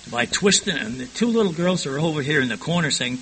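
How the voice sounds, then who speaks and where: A man's voice: a little high, animated, fast talker, a bit bright, husky, low-quality recording. An older man frankly recounting his past in a rambling personal testimony, often stumbling and repeating words.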